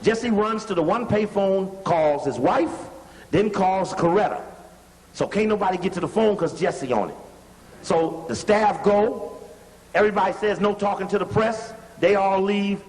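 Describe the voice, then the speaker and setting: A man giving emphatic, animated commentary over archival video, repeating points and telling someone to stop and rewind the playback. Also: sits high, unhurried, big-room sound, rough recording. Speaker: lecturer analyzing archival footage.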